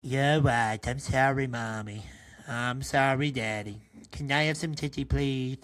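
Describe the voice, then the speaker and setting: A man voicing a crude, cursing talking infant boy in a low voice. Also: fairly even intonation, unhurried, a bit bright, lightly acted. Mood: whiny. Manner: cursing, coarse insults.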